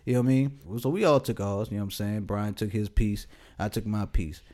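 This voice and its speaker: Speaking briskly in a lowish, slightly mellow voice, this late-twenties podcast co-host from around Pasadena, California, laughs frequently while telling a casual story laced with profanity.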